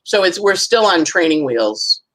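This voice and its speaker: A woman's voice: fairly low pitch, big pitch swings, unhurried, fairly bright tone, rough recording. A woman astrologer, a guest, chatting casually through a weekly forecast and acting out little voices and sounds as she goes.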